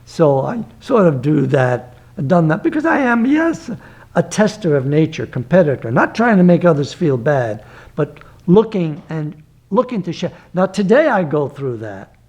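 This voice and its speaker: An older man, a martial arts grandmaster, talking emphatically and digressively in an interview, with breathy gasps between phrases. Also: on the high side, sing-song, moderate pace, a little mellow. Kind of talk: reflective interview talk.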